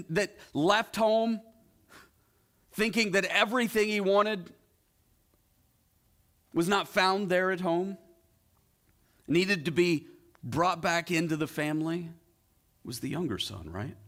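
A male pastor preaching a sermon, retelling a story with rhetorical questions and dramatic pauses. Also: high-pitched, a bit bright.

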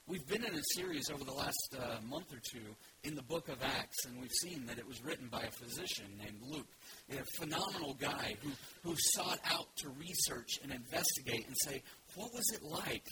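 A man's voice: mid-range voice, normal speed. A male pastor preaching a sermon in a conversational way, with frequent restarts and asides. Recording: loud background noise.

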